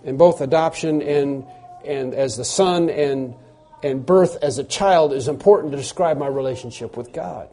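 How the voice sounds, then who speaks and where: A man's voice: fairly high pitch, normal speed, warm tone. A man preaching a sermon, earnest, often repeating words as he builds to emphatic phrases.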